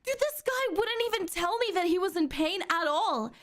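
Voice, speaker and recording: A woman streamer hosting a casual chat, excitable and profane, quick to protest. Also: very high-pitched. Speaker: streamer host.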